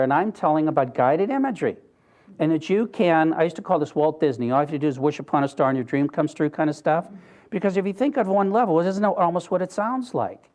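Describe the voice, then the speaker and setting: A man's voice: on the high side, a little mellow. An older man giving an earnest, conversational talk, telling a personal story with wry asides. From Pennsylvania, US. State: briefly choked up. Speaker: speaker.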